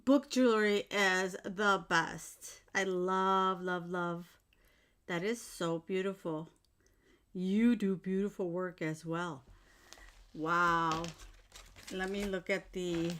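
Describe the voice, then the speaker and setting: A woman's voice: medium pitch, steady tone, slow pace, a bit bright. A woman vlogger chatting casually to her viewers while unboxing, gushing and exclaiming with delight, filmed in a bedroom at home. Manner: gushing, effusive, exclaims often. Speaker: jewelry-making vlogger. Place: home bedroom used as filming room.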